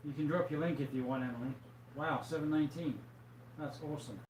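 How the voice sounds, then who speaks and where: Echoey relaxed man chatting on stream. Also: a little high, a little fast. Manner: relaxed, chatty, reads out viewer comments. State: tired, yawning. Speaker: livestream host. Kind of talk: casual chat with viewers. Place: home room with fish tanks. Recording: echoey room, faint background noise.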